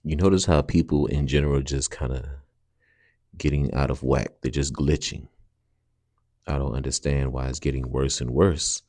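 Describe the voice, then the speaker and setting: A man with a very deep, dark voice gives casual commentary over video clips. He talks to his viewers in an earnest, rambling way. The recording is close and dry, with no room sound. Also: fairly even intonation, moderate pace, no echo. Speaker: channel host.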